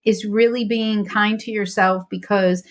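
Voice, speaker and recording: A woman's voice: medium pitch, steady tone, measured pace. A woman guest on a faith podcast, talking earnestly and reflectively about her journey, with frequent restarts.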